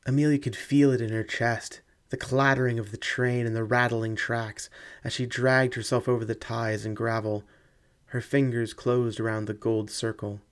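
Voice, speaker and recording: Man reading a spooky short story aloud, mid pitch, measured and dramatic. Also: level tone. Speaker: narrator. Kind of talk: scripted audiobook narration.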